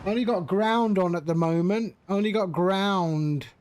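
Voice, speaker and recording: A man's voice: high voice, a little slow, a little mellow, slight background noise. A man casually chatting with his live-stream viewers while flying a simulator, greeting them by name and joking around. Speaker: flight sim streamer.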